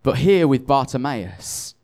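A man's voice: medium pitch, very animated, slow, a little mellow. A tired man preaching a conversational sermon, self-deprecating and chatty, often restarting his sentences.

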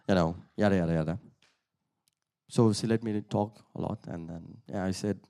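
A man's voice: fairly low pitch, moderate pace, mellow. A man preaching a sermon, telling a personal testimony in a loose, conversational way, laughing often, then rising into emphatic calls to the listeners. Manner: conversational storytelling that builds to emphatic exhortation; laughs often between sentences.

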